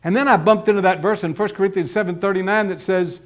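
Male pastor, middle-aged, higher voice, folksy emphatic pulpit delivery with acted asides. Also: fast, few pauses, a bit bright. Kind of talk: sermon.

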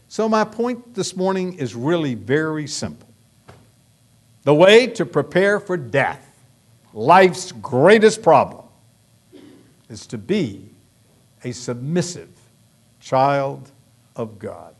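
A man's voice: on the high side, very animated, slow, long pauses. A male pastor delivering a sermon, emphatic and full of rhetorical questions to the congregation.

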